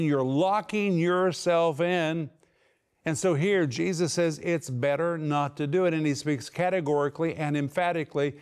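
A man teaching from the Bible, explaining Greek word meanings step by step and slowing down with emphasis on quoted verses. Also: fairly high pitch, darkish tone. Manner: emphatic, slows and rises for quoted scripture and key words.

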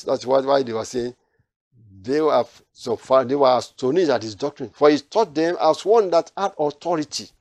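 A man delivers a sermon, repeating phrases and shifting from quiet asides to loud, emphatic declarations. His voice sits in the mid range, captured in a dry, studio-quality recording.

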